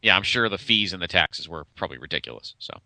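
A man's voice: deep voice, quick pace, no room sound. A man co-hosting a podcast, chatting casually and loosely about old wrestling matches with lots of fillers and restarts. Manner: animated, meandering, many fillers. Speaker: podcast co-host. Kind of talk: casual chat reviewing old wrestling shows.

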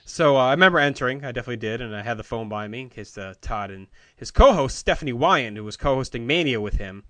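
A man's voice: mid-range voice, animated, quick pace, pushed and bright, no echo. A man co-hosting a podcast, casually recounting memories with fillers and the odd laugh. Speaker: podcast co-host. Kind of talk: casual chat recalling old wrestling shows.

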